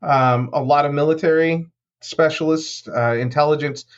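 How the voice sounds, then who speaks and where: A man's voice: a little high, steady tone, normal speed. A man co-hosting a casual podcast, hesitant and full of fillers. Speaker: podcast co-host. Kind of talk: casual chat. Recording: dull lo-fi sound.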